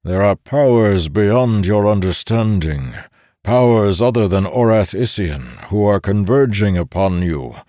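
Man putting on a slow, scolding old codger. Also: fairly low pitch, lively intonation, dark tone, no echo, studio quality, pitched above the performer's own voice. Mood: stern. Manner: slow, firm, lecturing.

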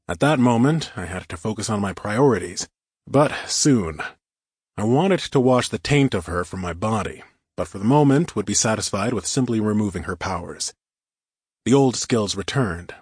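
A male audiobook narrator telling a first-person action story in a steady, even way. His voice sits fairly low with a husky, breathy grain. The recording is close and dry. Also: no echo.

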